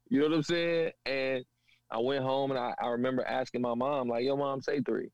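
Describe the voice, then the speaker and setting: A man from a Panamanian family in the US, telling stories in a casual conversation with animated slang. He often asks "you know what I'm saying". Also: mid-range voice, a little fast, no echo, lo-fi sound. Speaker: guest.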